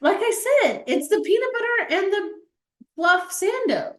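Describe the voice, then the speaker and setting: A woman's voice: extremely high pitch, animated, measured pace, fairly bright tone. A woman co-hosting a live stream on a video call, chatting casually and animatedly and laughing easily. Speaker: stream co-host. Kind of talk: casual chat. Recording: roomy video-call audio.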